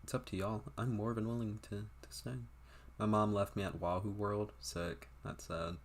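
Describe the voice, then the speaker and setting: Very low-voiced young man chatting offhand. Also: little pitch movement, moderate pace. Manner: rambling, profane, offhand. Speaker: game streamer. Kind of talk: casual livestream chat.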